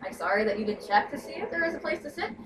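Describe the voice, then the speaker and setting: A young woman rattles through a workplace story in a casual chat, peppering it with "like" and "you know". Her voice sits fairly high and she talks quickly. She sounds set back from the mic, over a clear bed of background noise. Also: sing-song, far from the mic. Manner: chatty, lots of "like" and "you know". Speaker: podcast co-host.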